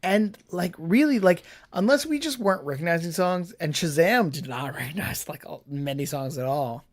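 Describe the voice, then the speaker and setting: A man's voice: fairly high pitch, lively intonation, moderate pace. A man co-hosting a podcast in casual chat about a film, blunt and opinionated, swearing freely. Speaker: podcast co-host.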